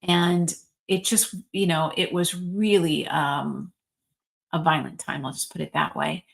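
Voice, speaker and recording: Lady reverend, kinda low voice, chatty spiritual talk w lots of ums and likes. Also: unhurried, creaky. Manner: chatty and warm-hearted, frequent ums and likes, lively storytelling. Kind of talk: informal spiritual talk retelling a religious story.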